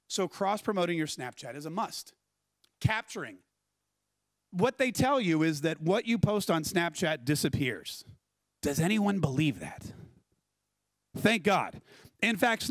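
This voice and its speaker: Male conference speaker, high-pitched and lively, with a dry, close sound, chatty and engaging. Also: dry recording. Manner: animated, conversational storytelling with audience questions. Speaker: keynote speaker. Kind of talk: conference keynote talk. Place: conference stage.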